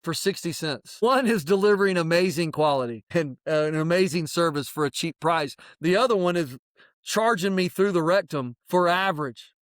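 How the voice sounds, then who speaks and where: High-voiced animated man giving advice. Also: moderate pace, no echo, clean studio sound. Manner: plain-spoken, mild swearing. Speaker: podcast co-host. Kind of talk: casual chat.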